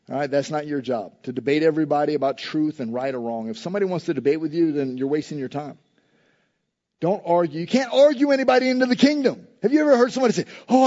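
A man with a son at school, preaching a conversational sermon and moving between loud emphasis and soft, low asides. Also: dull audio. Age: adult with a school-age son. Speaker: pastor.

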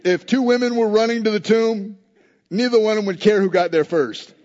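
Male pastor, animated storyteller mid-sermon, slightly high voice, dull recording in a reverberant hall. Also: a little fast. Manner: animated storytelling, acting out quoted lines with humor. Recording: echoey hall, dull lo-fi sound.

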